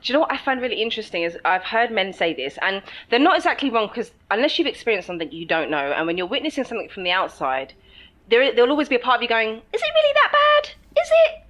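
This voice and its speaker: A woman's voice: fairly high pitch, big pitch swings, rapid-fire, a bit bright, low-quality recording. A woman co-hosting a podcast, chatting casually and animatedly, often laughing and acting out quoted voices. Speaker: podcast co-host. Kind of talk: casual chat.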